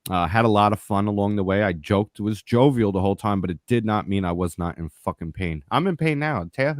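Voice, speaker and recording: A low-voiced man telling a long story in loose, profane chat. He jumps into the other characters' voices as he goes. The sound is dry and close. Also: fairly quick, no echo. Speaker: podcast regular telling his story. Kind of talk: casual storytelling.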